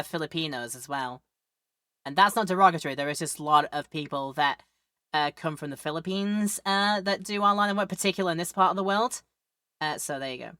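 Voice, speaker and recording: A woman's voice: low-pitched, fairly bright tone, dry recording, clean studio sound. A woman streaming a game, chatting and rambling in between joke voices. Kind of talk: game let's play commentary.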